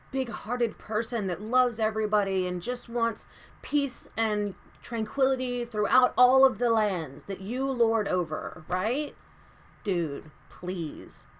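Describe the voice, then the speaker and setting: A woman's voice: mid-range voice, a little hiss or hum. A woman vlogger delivering a heated, profane commentary rant with angry emphasis.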